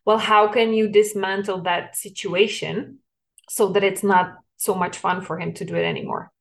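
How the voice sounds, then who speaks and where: A woman's voice: medium pitch, animated, moderate pace, vocal fry. Earnest woman hosting a parenting podcast. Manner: earnest, explanatory, with frequent light laughs. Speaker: podcast host, parenting coach. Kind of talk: solo podcast talk.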